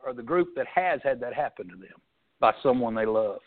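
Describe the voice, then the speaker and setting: A man preaching a sermon, telling folksy stories and swinging between loud and soft. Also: mid-range voice, expressive, a little fast. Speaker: pastor. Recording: tinny phone-like sound.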